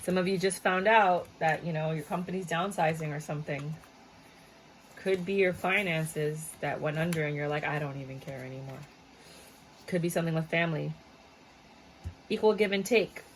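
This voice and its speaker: A woman's voice: fairly low pitch, fairly even intonation, moderate pace, slight background noise, poor audio. Blunt chatty woman reading tarot cards. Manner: chatty and blunt, swears freely; breaks off with laughs and asides. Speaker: tarot reader. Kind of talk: casual tarot reading to camera.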